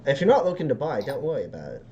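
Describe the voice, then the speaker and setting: A man's voice: medium pitch, huge pitch swings, very fast, muffled recording, noisy background, pitched above the performer's own voice. A man voicing a sly woman street dealer who talks in wheedling sales patter.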